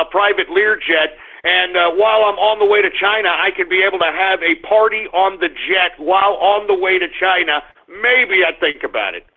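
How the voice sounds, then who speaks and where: A man hosting a live radio show, griping and blustering at his listeners. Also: sits high. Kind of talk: live call-in radio rant. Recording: tinny phone-like sound.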